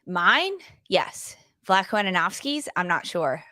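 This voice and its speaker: A woman co-hosting a casual sports podcast, talking in quick back-and-forth and correcting herself as she goes. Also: lowish voice, big pitch swings, pushed and bright, no echo, clean studio sound. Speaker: podcast co-host.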